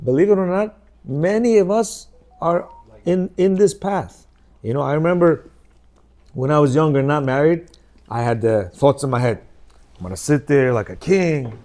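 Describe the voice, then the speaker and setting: A man's voice: on the high side, moderate pace, warm tone. A middle-aged man from Uzbekistan with a Bukharian Jewish accent, giving an informal religious class and firing rhetorical questions at his listeners. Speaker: Torah class teacher.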